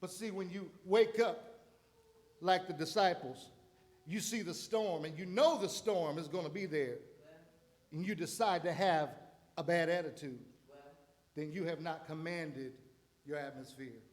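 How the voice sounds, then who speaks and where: A man's voice: a little high, measured pace, long pauses. A man ministering in church, preaching a sermon with dramatic build-ups and acted-out voices. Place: church sanctuary.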